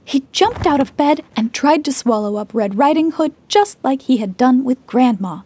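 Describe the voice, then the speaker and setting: A woman narrating a children's fairy tale in a gentle, expressive storybook manner. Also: high voice, slightly rough, no echo. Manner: slow, gentle, expressive reading.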